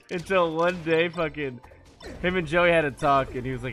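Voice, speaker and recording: A man's voice: a little high, normal speed, music in the background. A man streaming live in casual chat, profane and teasing, laughing often between lines.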